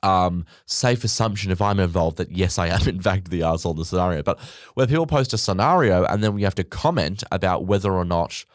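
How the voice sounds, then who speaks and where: Solo podcast host, man, lowish voice, bluntly sarcastic, sweary, rambling, recorded in a dry, close space. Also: animated, brisk, dry recording. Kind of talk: casual solo podcast rant.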